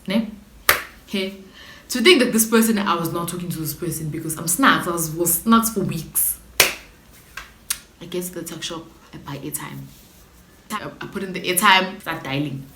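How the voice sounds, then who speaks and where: A young woman with a South African accent tells a story to her vlog audience in a lowish voice, slangy and animated with sudden dramatic outbursts. The sound carries the echo of a bare room, with a faint hiss underneath. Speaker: YouTuber. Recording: echoey room with faint noise.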